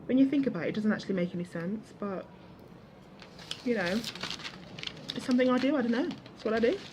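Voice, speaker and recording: Quick and animated, this slightly high female voice belongs to a craft vlogger working outdoors at a table. She chats with her viewers and pokes fun at herself, with background noise in the recording.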